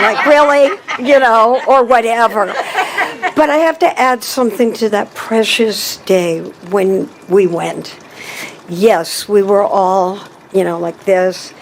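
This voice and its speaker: A middle-aged woman shares memories at a memorial in a frank, wry way, laughing now and then. She talks very slowly at a middling pitch. Faint background noise sits under her voice. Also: poor audio. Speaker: memorial speaker. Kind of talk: personal eulogy. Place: memorial gathering.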